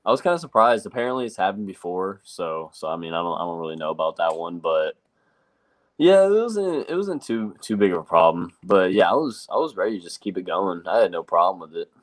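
A man's voice: low voice, lively intonation, fairly quick. A young man, a race driver being interviewed, telling his story casually and quoting himself with lots of "like". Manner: rambling, quotes himself with lots of "like". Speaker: race truck driver guest.

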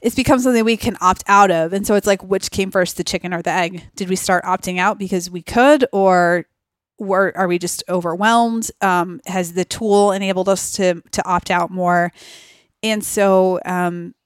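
Smooth-voiced woman chatting on a podcast. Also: lowish voice, steady tone, normal speed, no room sound, studio quality. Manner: chatty, thinks aloud with many fillers. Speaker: podcast guest. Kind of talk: casual conversational interview.

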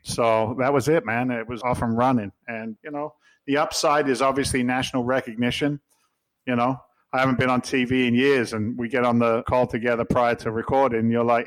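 A man's voice: mid-range voice, flat delivery, a little fast, no room sound, low-quality recording. A middle-aged man with an English accent, a podcast guest telling stories in a blunt, jokey, swearing way. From England. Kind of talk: casual storytelling.

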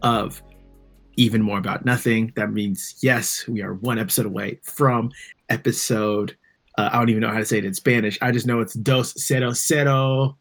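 A man's voice: medium pitch, steady tone, moderate pace, a bit bright, soft background music. A man hosting a podcast in casual chat, joking around in playful banter. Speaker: podcast host.

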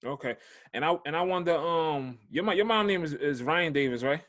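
A man interviewing a guest, asking questions in a halting way full of fillers. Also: a little high, lively intonation, a bit bright. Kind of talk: casual interview.

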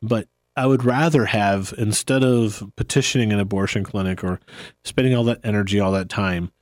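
A man hosting a podcast in a relaxed, rambling chat, often laughing. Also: on the low side, normal speed, no room sound, studio quality. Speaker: podcast host. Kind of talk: casual chat.

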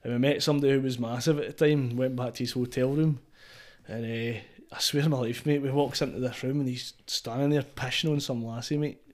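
Fast-talking Scottish man, sweary storyteller. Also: medium pitch, fairly even intonation, darkish tone. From Falkirk, Scotland. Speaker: guest DJ. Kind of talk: casual podcast chat.

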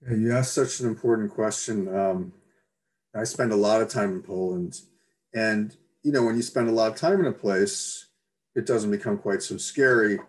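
A man giving an academic talk, measured and reflective, reading excerpts aloud with occasional fillers. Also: fairly low pitch. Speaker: lecturer.

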